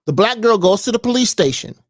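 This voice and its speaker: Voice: medium pitch, fast, no echo, clean studio sound. A vlogger ranting in a preachy, mocking way, often asking the audience questions. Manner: animated, preachy, mocking, jumps between voices. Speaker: commentary vlogger. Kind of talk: ranting commentary vlog.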